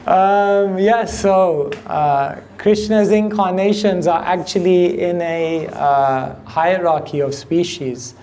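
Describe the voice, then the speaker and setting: Unhurried male spiritual teacher, slightly high voice. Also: darkish tone, a little hiss or hum. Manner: unhurried, asks the audience questions, chuckles easily. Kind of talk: devotional class lecture. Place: temple hall with audience.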